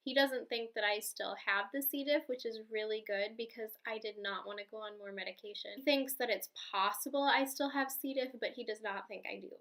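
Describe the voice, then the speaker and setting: Bright-toned chatty young pregnant woman. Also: fairly high pitch, fairly quick, hardly any pauses. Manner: chatty, rambling, frequent fillers and laughs. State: heavily pregnant. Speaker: vlogger. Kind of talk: casual pregnancy vlog chat.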